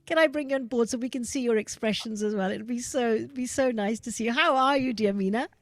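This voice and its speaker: High-voiced woman hosting with devotional warmth. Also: quick pace, dry recording. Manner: gentle, devotional, sings between speaking. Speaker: host and singer. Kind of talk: online event talk with prayer songs.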